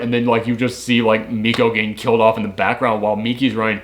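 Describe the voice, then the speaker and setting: A man reviewing an anime in casual chat, retelling scenes in an animated way and swearing often. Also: on the low side, fast, a little hiss or hum.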